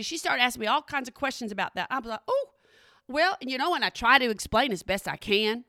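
A middle-aged woman telling a story in a chatty, animated way and often checking in with her listeners. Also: on the high side, a little fast, no echo, clean studio sound. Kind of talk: casual spoken storytelling.

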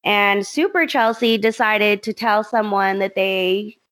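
A young woman chatting on a podcast, spinning a story with lots of energy and quoting the people in it. Her voice sits at a middle pitch and keeps an easy conversational tone. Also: a little slow. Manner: animated storytelling with frequent laughs and quoted voices. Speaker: podcast co-host. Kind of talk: casual chat.

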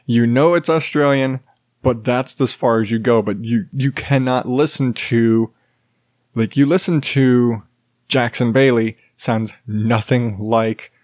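A man hosting a podcast on his own, in a rambling and casual chat. He stops and restarts often, drops in fillers and chuckles, and his voice sits at a middling pitch. The sound is close and dry, with no room echo at all. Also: steady tone, slow, a little mellow. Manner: chuckles while talking. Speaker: podcast host. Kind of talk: solo casual monologue.

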